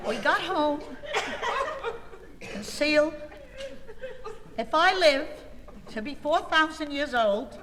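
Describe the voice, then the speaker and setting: Animated, exasperated woman telling a comic story. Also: high voice, slow, pauses often, in a large hall, a little hiss or hum. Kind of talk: comic monologue to a listener.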